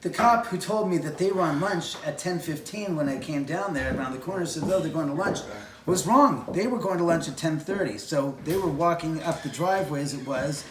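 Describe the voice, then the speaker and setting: A man's voice: a little high, animated, fairly quick, crowd noise. A man who owns a house and produces films tells an anecdote on location outdoors. He tells it with energy and acts out the voices of the people in his story. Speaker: homeowner and film producer. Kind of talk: casual anecdote told on location. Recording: echoey, distant, with faint outdoor ambience.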